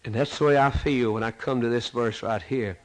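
A man preaching a sermon, swinging from loud, soaring rises to hushed, quiet drops. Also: mid-range voice, fairly even intonation, moderate pace, low-quality recording.

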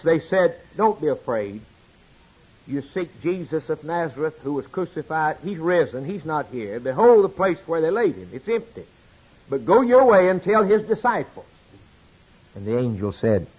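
Preacher guy giving a sermon, kinda husky voice, goes loud then drops real quiet. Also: on the high side, poor audio. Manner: emphatic preaching, swinging from loud declarations to quiet asides.

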